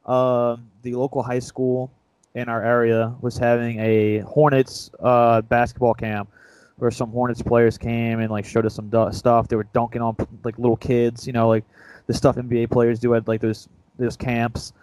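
A man's voice: medium pitch, monotone, normal speed, darkish tone, dry recording, rough recording. A young man co-hosting a casual sports podcast, retelling a story in a rambling, self-mocking way. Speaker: podcast co-host.

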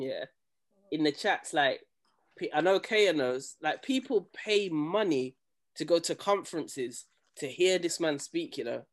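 A young man tells stories in a loose, slangy, animated way. His voice sits a little high for a man. It is a casual chat between friends. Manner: animated storytelling, slangy, acts out quoted people.

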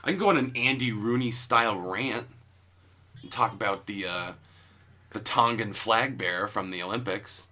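A man's voice: fairly low pitch, normal speed, bright, forceful tone. A young man co-hosting a casual comedy podcast, making dry, crude jokes. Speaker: podcast co-host.

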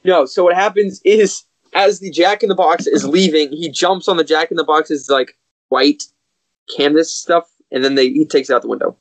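Higher-voiced young man, dry close sound. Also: dry recording. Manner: chatty, quick asides, laughs at plot holes. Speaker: podcast co-host. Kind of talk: casual movie review chat.

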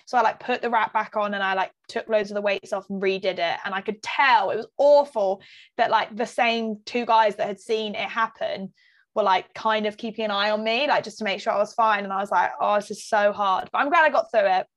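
A young woman, co-hosting a chat podcast and telling lively anecdotes, acting out quotes with lots of "like" fillers. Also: mid-range voice, fairly quick. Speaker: podcast co-host. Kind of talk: casual chat, storytelling.

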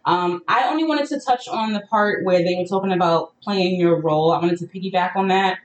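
A woman's voice: fairly low pitch, moderate pace. A woman with a New York accent co-hosting a casual podcast, talking loosely with lots of ums. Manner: casual, filler-heavy, laughs often. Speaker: podcast co-host. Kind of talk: casual chat. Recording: roomy sound from a distant mic.

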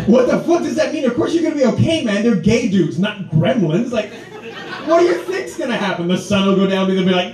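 A man doing a crude, animated stand-up routine on a comedy club stage, laughing through his punchlines. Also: sits high, a little fast, crowd noise, noisy background. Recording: roomy live club recording.

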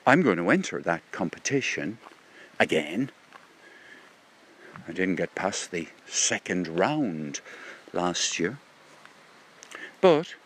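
A man's voice: low-pitched, fairly bright tone. A middle-aged man musing aloud in a rambling spoken diary, recorded outdoors beside a stream on a handheld phone. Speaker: vlogger.

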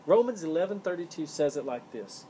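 A man with a fairly high but warm, mellow voice teaches scripture on his own podcast, earnest and emphatic as he leans on key words. A faint hiss sits under the recording. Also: very animated, a little fast. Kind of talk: solo Bible-teaching podcast.

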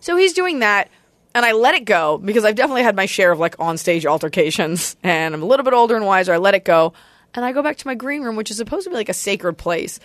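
Animated woman telling road stories. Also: mid-range voice, dry recording. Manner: animated, quick storytelling with acted-out quotes. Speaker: stand-up comedian, guest. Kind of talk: casual podcast storytelling.

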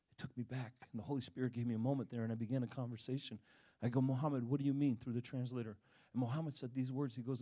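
A middle-aged man preaching a sermon, animated, swinging between loud bursts and hushed stretches as he acts out the people in his stories. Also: mid-range voice, fast, slightly rough. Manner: animated, dramatic swings in volume, acts out quoted voices.

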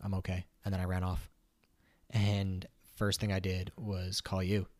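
A young man co-hosting a podcast from a home kitchen, telling stories in a casual, animated way with laughs. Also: low voice, unhurried, no room sound. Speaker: podcast co-host. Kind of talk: casual chat.

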